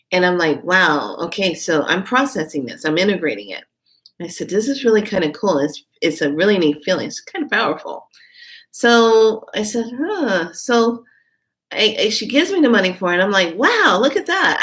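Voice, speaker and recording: A woman vlogger casually telling a personal story, her voice leaping up when she quotes herself. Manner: animated, jumps high in pitch when quoting herself. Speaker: spiritual vlogger.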